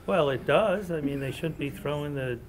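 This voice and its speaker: A man voicing a prejudiced hunter in a workshop role-play, speaking in a halting, hesitant way. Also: fairly high pitch, crowd noise, lightly acted. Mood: grumbling.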